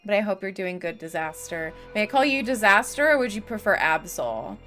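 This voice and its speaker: A woman's voice: medium pitch, very animated, fairly quick, fairly bright tone. A young woman streaming a game, chatting casually with viewers; talkative, swearing freely, full of fillers and laughter. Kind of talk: casual live-stream chat. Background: faint game music.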